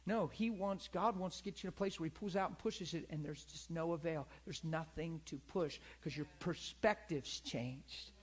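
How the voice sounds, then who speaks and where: A man's voice: on the high side, moderate pace, hardly any pauses, slightly rough. A man preaching a sermon in a conversational, earnest way, often calling for agreement. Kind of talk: sermon with personal story.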